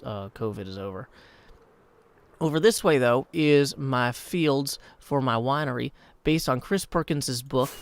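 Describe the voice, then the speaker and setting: A man with a hoarse morning voice, rambling and chatty as he streams a game and answers chat mid-thought. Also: mid-range voice. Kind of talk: live-streamed game commentary.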